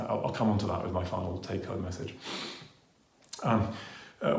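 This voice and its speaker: A man's voice: on the low side, vocal fry, darkish tone. A man presenting a training talk to camera on a lapel mic, earnest, with frequent ers and ums, varying his pace and volume to demonstrate. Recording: roomy echo.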